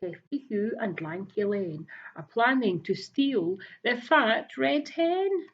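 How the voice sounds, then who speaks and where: A woman voicing a clever little female ladybird in a storybook, eager and urgent, slow and breathy, over a dull lo-fi recording. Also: on the high side, expressive, heavily acted.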